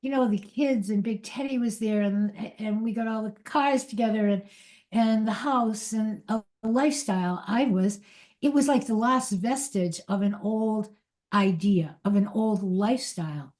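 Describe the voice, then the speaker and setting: A woman's voice: mid-range voice, moderate pace, darkish tone. Candid woman telling a confessional story. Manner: candid and confessional, often laughing at herself, with restarts. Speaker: spiritual teacher. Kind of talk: personal storytelling in a spiritual talk.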